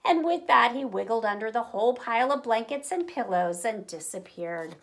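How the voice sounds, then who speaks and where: A woman reading a children's picture book aloud in an expressive, animated way. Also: fairly high pitch, normal speed, vocal fry. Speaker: storyteller. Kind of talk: children's story read-aloud.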